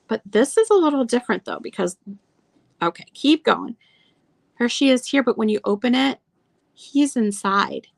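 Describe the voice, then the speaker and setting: A medium-pitched woman, recorded dry, shows vintage items to viewers as an online seller during a live sale. Her talk is casual and chatty; she lingers over details and reads verses from old cards aloud.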